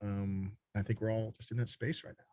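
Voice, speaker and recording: A man's voice: on the low side, little pitch movement, a little fast, darkish tone, no echo. A man from Texas, a company founder, talking bluntly and freely in a casual podcast conversation, swearing often. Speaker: guest, startup founder.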